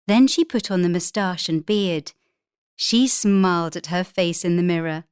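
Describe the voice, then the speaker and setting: A woman reading a children's storybook aloud in a clear, expressive way. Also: on the low side, unhurried, no room sound, clean studio sound. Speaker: story reader.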